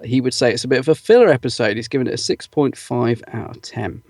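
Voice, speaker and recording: A man co-hosting a podcast, reading listener comments aloud in a loose, chatty way, full of ums and small laughs. His voice sits at an ordinary pitch. The recording is dry and close, with no room sound. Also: animated, quick pace, darkish tone, no room sound. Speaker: podcast co-host.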